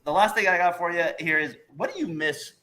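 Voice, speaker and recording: A man hosting a casual sports interview, quick and eager, reacting with frequent laughter. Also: sits high, sharp tone. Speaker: interview host.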